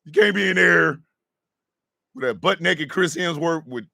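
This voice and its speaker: A man hosting a morning radio show, riffing in a loud, slangy comedic way with frequent laughter and shouted outbursts. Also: on the high side, a little slow, creaky, no echo, clean studio sound. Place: radio studio.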